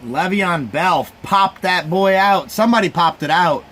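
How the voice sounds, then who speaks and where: A man's voice: high-pitched, unhurried, a bit bright, slight background noise. A man hosting a live stream, giving casual, rambling sports reaction commentary to his chat. He sounds sleepy and keeps yawning. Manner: laid-back, rambling, talks to his chat.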